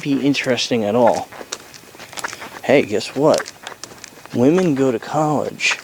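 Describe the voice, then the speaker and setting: A man's voice: medium pitch, lively intonation, measured pace, long pauses, a little hiss or hum, low-quality recording. A man in his thirties talking in a sarcastic, profane, ranting way in a casual vlog.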